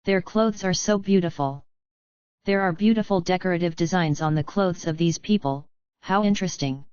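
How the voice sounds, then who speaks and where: A woman's voice: fairly low pitch, normal speed, a little mellow, clean tone, no echo, muffled recording, close to an everyday voice. A woman reading the part of a young woman who admires a new world with wonder. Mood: amazed.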